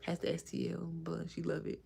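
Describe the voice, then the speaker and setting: Streamer in her thirties, gravelly low voice, chatty, answers comments on the fly. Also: completely flat delivery, a little fast, dark tone. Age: 30s. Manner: chatty, reacts to viewer comments; laughs often while talking. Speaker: livestream host. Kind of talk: casual livestream chat.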